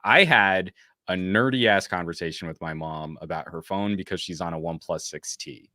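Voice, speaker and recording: A man's voice: low voice, normal speed, pushed and bright, dry recording, clean studio sound. A man in his thirties hosting a live tech chat, telling rambling stories about his parents' phones. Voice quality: chatty, tangent-prone storyteller. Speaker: host.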